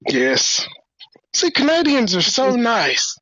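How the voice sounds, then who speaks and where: A man's voice: very high-pitched, huge pitch swings, slow pace, bright, forceful tone, dry recording. A man from Memphis, hosting a livestream talk show in a blunt, provocative, teasing way. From Memphis, USA. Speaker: show host. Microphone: video call stream. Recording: dull dry lo-fi stream audio.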